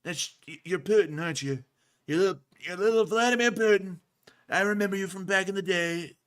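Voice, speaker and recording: A man's voice: high voice, brisk, fairly bright tone, clean tone, pitched above the performer's own voice. A man putting on a brash, boastful older American man who blusters. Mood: blustering.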